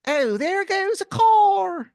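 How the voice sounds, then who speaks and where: Brief: a comic Ben Franklin with a thick Philly accent, squeaky high and slow, drawn out. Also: male voice, sing-song, gravelly, a little mellow, no echo, exaggerated voice. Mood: goofy. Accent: Philadelphia. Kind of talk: improvised comedy voice.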